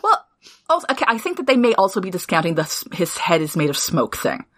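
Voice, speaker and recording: A woman talks through a TV episode with her co-host, her pitch swinging widely as she goes. She speaks casually, throws in swear words and jumps between quick asides. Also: sing-song. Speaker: podcast co-host. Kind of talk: casual chat recapping a TV show.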